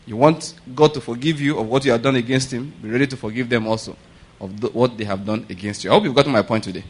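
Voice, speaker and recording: A man's voice: mid-range voice, quick pace, breathy edge, rough recording. A middle-aged man with a Nigerian accent, a pastor preaching a sermon in a conversational way, often checking that his congregation follows him.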